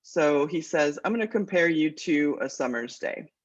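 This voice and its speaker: A woman's voice: sits low, lively intonation. Woman teaching a literature class. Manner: explains patiently, reads verse aloud with measured rhythm. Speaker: college English teacher. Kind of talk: classroom lecture with poetry reading. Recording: dull lo-fi lecture recording.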